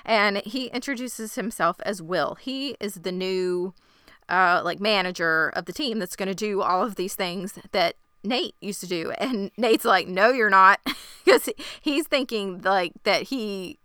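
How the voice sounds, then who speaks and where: Bright, crisp woman podcast host. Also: mid-range voice, measured pace, no room sound, clean studio sound. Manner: bubbly, acts out quoted lines. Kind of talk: casual recap chat.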